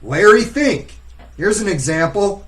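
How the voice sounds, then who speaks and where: High-voiced man ranting bluntly, slowly. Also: expressive, low-quality recording. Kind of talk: casual podcast chat.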